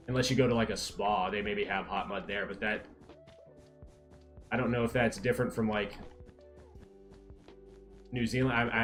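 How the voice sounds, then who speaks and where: A man from Texas with a mild Texan accent, chatting casually and rambling with many restarts and fillers while live-streaming. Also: medium pitch. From Texas, USA.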